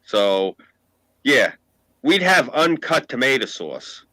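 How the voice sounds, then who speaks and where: Brief: New York man, bright forceful voice, dry close sound, swearing storyteller. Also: medium pitch, slow, no echo, rough recording. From Queens, New York. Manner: profane, animated storyteller. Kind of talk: casual chat.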